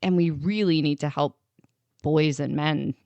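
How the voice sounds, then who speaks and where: A woman with a low-pitched voice talks in an earnest, heartfelt way while co-hosting a casual podcast. The sound is dry and close. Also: steady tone, measured pace, creaky, a little mellow, no room sound, highs cut off. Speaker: podcast co-host. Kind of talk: casual chat.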